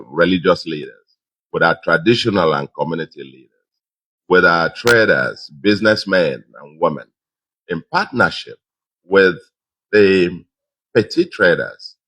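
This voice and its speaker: A middle-aged Nigerian man with a Nigerian accent giving a public address to supporters, measured and repeating phrases for emphasis. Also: low voice, fairly bright tone, rough recording. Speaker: governor giving a victory speech.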